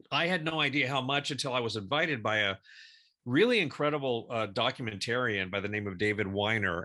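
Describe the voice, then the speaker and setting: A man's voice: fairly low pitch, bright, forceful tone. A middle-aged man co-hosting a casual podcast, laughing easily and talking with lots of fillers. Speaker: podcast co-host, actor.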